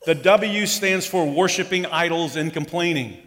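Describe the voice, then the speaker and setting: A man's voice: fairly high pitch, moderate pace, fairly bright tone, in a large hall. A pastor preaching a sermon in a conversational way, acting out the grumbling voices of his congregation. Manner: conversational, acts out the complaints of the crowd.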